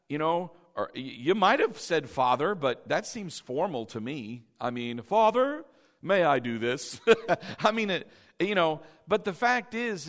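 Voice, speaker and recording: A man's voice: a little high, fairly bright tone, in a large hall. A male pastor preaching a sermon in a conversational, emphatic way, often checking in with the congregation and repeating key phrases.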